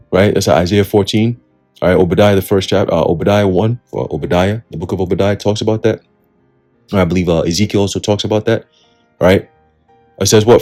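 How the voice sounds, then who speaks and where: A man with a low, mellow voice preaches in an easygoing street style. His talk is slangy and profane, and he keeps checking in with "right?" and "okay?". Faint music plays behind him. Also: fairly quick. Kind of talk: casual street-style Bible teaching.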